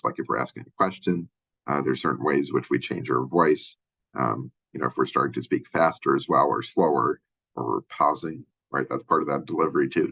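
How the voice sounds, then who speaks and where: A man from Minnesota with a Minnesotan accent and a deep voice, giving a casual college lecture full of fillers and restarts. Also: creaky, fairly bright tone, breathy edge, muffled recording. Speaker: college instructor. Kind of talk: lecture overview of a textbook chapter.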